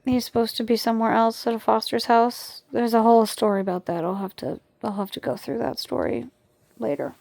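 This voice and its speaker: A woman's voice: fairly high pitch, steady tone, a little fast, gravelly, no room sound. Tired woman with a migraine, dry close sound. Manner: soft, tired, coos at her dogs. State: suffering a migraine. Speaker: vlogger. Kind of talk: casual vlog talk to camera and dogs. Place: at home indoors.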